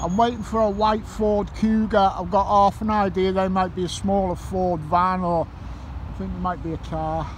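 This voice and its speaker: A man's voice: high-pitched, level tone, moderate pace. A man vlogging outdoors by a roundabout while he waits, grumbling, swearing and making up rhymes. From Ireland. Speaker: metal detecting vlogger. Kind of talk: casual vlog monologue. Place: outdoors by a roundabout near a petrol station. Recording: faint traffic noise outdoors. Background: passing traffic.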